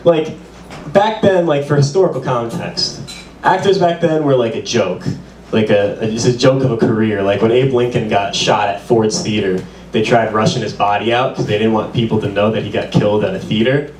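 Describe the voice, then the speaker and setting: A man's voice: fairly low pitch, moderate pace, darkish tone, a little hiss or hum. A man doing a stand-up comedy set, with a loose, rambling delivery full of "like". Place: small bar performance room. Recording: roomy, distant, with audience.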